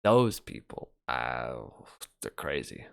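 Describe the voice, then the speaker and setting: A young man with a rumbling low, creaky voice speaks slowly in a sing-song way, the tone clean. He hosts a casual livestream, reading chat and reacting to viewer comments as he rambles loosely and trails off.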